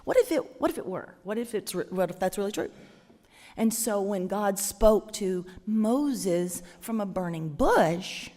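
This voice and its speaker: A woman's voice: medium pitch, expressive, unhurried, mellow. A woman preaches in a conversational, musing way, taking her time. Her words linger in a long church reverb. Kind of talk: sermon.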